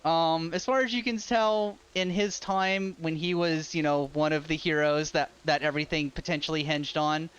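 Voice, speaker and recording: A man narrating a tabletop game as dungeon master, relaxed and casual with frequent filler words. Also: a little high, moderate pace, few pauses, smooth. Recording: dull lo-fi with loud ambient music.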